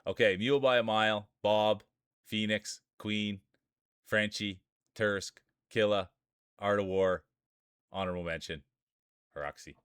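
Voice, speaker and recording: A man's voice: fairly low pitch, steady tone, unhurried, long pauses, fairly bright tone, clear, resonant tone, no echo, studio quality. A man commentating live marble races on his stream, chatty and rambling, greeting viewers by name and breaking into laughter at wild moments. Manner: hype-building, calls out viewers by name.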